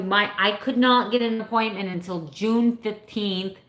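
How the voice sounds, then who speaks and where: A woman's voice: medium pitch, measured pace, hardly any pauses, a bit bright. A woman in her fifties chatting casually with her live viewers, rambling a little and laughing often. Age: 50s. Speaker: vlogger answering live chat. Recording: echoey room.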